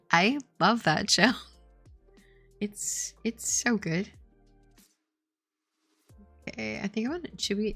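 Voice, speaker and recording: A woman game developer talks her way through her work on a stream, slow and unhurried, with a gravelly, creaky edge to her voice. Her chat is casual and rambling, full of "like" and little giggles. The sound is dry and close, with soft music faint behind her. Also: mid-range voice, no echo.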